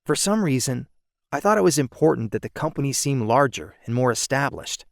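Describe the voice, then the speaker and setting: Man reading his own audiobook, steady storytelling, middle pitch, dry close studio sound. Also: fairly quick, gravelly, no echo. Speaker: audiobook narrator. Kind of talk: first-person audiobook narration.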